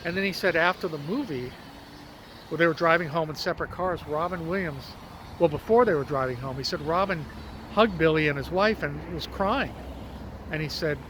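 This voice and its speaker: A man's voice: a little high, normal speed, fairly bright tone, poor audio. A man hosting a casual walking vlog outdoors, telling a story in a rambling way and often correcting himself. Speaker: vlog host. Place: outdoors on a windy street. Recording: outdoor street noise with traffic.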